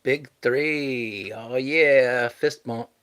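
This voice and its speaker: A man's voice: medium pitch, very slow, fairly bright tone, smooth. A man hosting a casual live stream, chatting easygoingly and thanking viewers as he reads out their messages.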